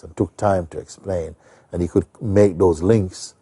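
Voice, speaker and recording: A man who is a spiritual teacher, recounting a personal story in an unhurried, anecdotal way, full of "you know.". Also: low-pitched, fairly even intonation, warm tone, breathy edge, dry recording.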